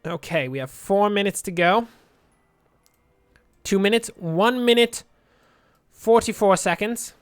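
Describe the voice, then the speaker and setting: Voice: mid-range voice, slow pace, long pauses, smooth, dry recording, studio quality, soft background music. Chatty let's play gamer thinking aloud. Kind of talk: game commentary.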